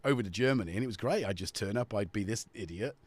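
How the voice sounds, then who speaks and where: A man's voice: fairly low pitch, lively intonation, quick pace. A man hosting a casual live stream, joking and rambling off topic at a studio mic. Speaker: livestream host. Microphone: studio dynamic mic.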